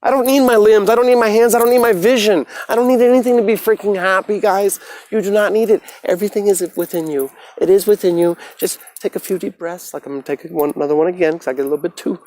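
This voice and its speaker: A man talking casually into his phone on a livestream, preaching about the mind and meditation with lots of swearing, swinging from soft musing to loud ranting. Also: sits high, fairly even intonation, fast. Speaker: motivational livestreamer. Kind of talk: casual rambling livestream rant.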